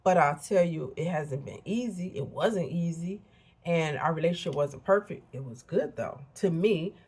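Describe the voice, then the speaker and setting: A woman's voice: lowish voice, moderate pace, darkish tone, husky. A woman in her fifties from Illinois giving a candid, blunt motivational vlog talk with chatty asides to her viewers. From Illinois, USA. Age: 50s. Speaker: vlogger. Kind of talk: casual motivational monologue.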